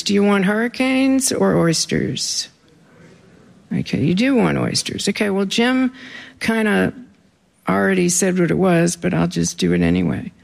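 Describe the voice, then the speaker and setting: A very gravelly, fry-heavy voice reads memoir pieces aloud at an even middle pitch. The reader keeps a wry, deadpan tone and breaks off for offhand asides to the listeners. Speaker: author reading their own writing. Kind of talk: live reading of memoir pieces.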